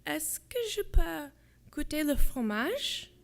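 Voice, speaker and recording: A woman's voice: high voice, very animated, takes it slowly, creaky, pitched above the performer's own voice, full character voice. A woman voicing a shy American teenage girl speaking careful, hesitant schoolbook French. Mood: shy, earnest.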